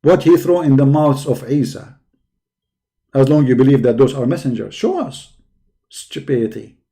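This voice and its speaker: A man's voice: mid-range voice, moderate pace, creaky, dark tone. A man giving a polemic religious talk, sarcastic and mocking, with heavy repetition for emphasis. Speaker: religious debater.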